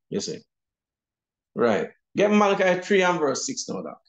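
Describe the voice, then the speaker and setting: A man's voice: high voice, huge pitch swings, moderate pace, creaky, pauses often. A man with a Jamaican accent teaching a Bible class, emphatic and often asking "you see?". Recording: roomy echo.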